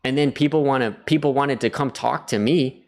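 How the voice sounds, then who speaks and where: A man's voice: mid-range voice, fairly quick. Earnest rambling man on the verge of tears. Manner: rambling, earnest, repeats words, builds to excited. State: near tears. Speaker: vlogger. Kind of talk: emotional personal reflection to camera.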